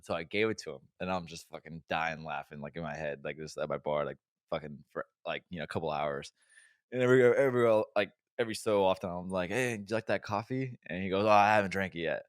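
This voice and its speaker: A man's voice: fast, clear, resonant tone, dry recording, studio quality. Young man telling a story while laughing. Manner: laughs through his own story, swears a lot, gets loud and high when amused. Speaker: podcast co-host. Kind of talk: casual chat storytelling. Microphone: remote podcast mic.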